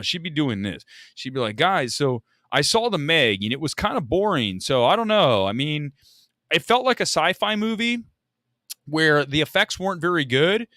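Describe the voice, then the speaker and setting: A man's voice: fairly high pitch, pushed and bright, no echo, studio quality. A man hosting a live movie talk stream, rambling and joking at his own expense in casual chat on a desk microphone. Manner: rambling, joking and self-mocking.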